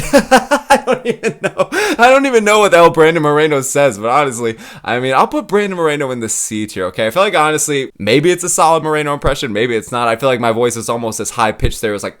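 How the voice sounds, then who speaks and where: Young guy rambling casually, swears a lot, keeps saying all right, lively voice. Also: on the high side, fast. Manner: swears freely, laughs, says "all right?" often. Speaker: channel host. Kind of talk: casual chat.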